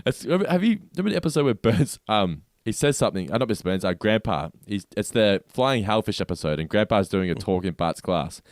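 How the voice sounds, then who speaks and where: A man's voice: lowish voice, lively intonation, fast talker, few pauses, no echo. A man co-hosting a podcast, recapping episode scenes in a chatty manner and laughing easily. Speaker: podcast co-host. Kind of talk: casual review chat.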